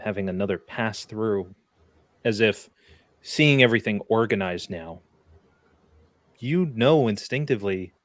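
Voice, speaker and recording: A man narrating as game master of a tabletop game, in a measured, descriptive manner. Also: lowish voice, no echo.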